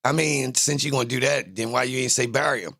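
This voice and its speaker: Gravelly-voiced man riffing profanely. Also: medium pitch, steady tone, quick pace. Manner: loud, profane, joking slang banter. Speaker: streamer reacting to a court video. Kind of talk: casual reaction commentary.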